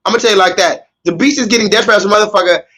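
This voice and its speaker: A man's voice: sits high, racing, bright, forceful tone, low-quality recording. A man hosting a live stream, ranting in a sarcastic, mock-pleading and profane way. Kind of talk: livestream commentary rant.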